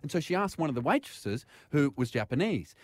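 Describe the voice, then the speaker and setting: Animated Australian man telling a story. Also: a little high, fairly quick. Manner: animated, acts out people's lines as he tells the story. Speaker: radio host. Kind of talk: casual storytelling chat.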